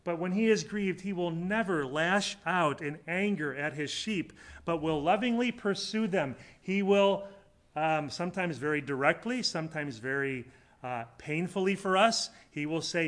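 A man preaching a sermon in an earnest, conversational way, swinging between loud emphatic lines and quiet, low asides. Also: normal speed. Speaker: pastor.

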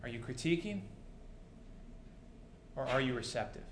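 A man's voice: medium pitch, animated, moderate pace, a bit bright, slight background noise. A male pastor preaching a sermon to his congregation, mixing rhetorical questions with dry humor. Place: church sanctuary. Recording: roomy church echo.

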